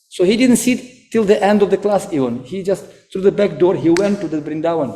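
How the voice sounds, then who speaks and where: A man with a Russian accent preaching a sermon, telling a story in animated, broken English. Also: high voice, brisk, hardly any pauses. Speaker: monk preacher.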